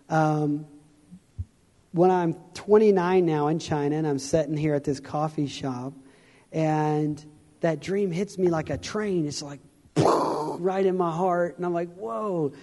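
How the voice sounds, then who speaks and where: With a somewhat high, mellow voice, a man gives his testimony as a traveling evangelist, preaching earnestly yet casually from a stage. Restarts and chuckles come often, and long hall reverb trails his words.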